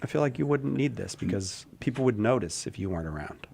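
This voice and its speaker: Relaxed male radio show host. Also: medium pitch, quick pace, vocal fry, slight background noise. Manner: relaxed, explanatory, teasing. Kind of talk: casual studio chat.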